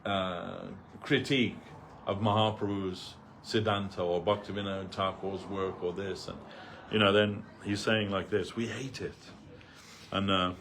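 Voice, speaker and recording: A man speaks in a fairly low voice, telling stories and explaining a reading in a loose, meandering way. His talk is stacked with "like" and "you know". A faint hiss sits behind him. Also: flat delivery, moderate pace, hardly any pauses, fairly bright tone. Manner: rambling, full of "like" and "you know". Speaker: devotee speaker. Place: temple hall.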